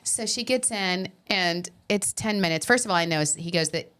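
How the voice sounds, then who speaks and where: A woman's voice: lowish voice, normal speed, clean tone. A woman, co-hosting a podcast and telling a story in casual chat, acting out the people she quotes. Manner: animated storyteller who acts out quoted people. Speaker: podcast co-host.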